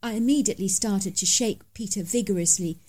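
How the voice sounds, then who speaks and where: A woman's voice: medium pitch, a little fast, darkish tone, breathy edge. A woman reading a first-person story aloud as scripted narration, in a dramatic, emphatic manner.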